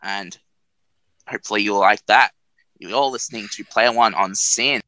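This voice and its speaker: A man's voice: on the low side, normal speed, bright, forceful tone, no echo, rough recording. A man co-hosting a community radio show, chatting casually in a rambling, self-mocking way and laughing at his own jokes.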